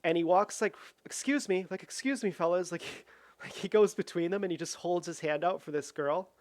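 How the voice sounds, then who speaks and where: A man's voice: sits high, steady tone, a little fast, a little mellow, dry recording. A young man tells a rambling story while cooking at home, with lots of "like", restarts and acted-out quotes. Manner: rambling, full of "like" and restarts, acts out quoted voices. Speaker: vlogger.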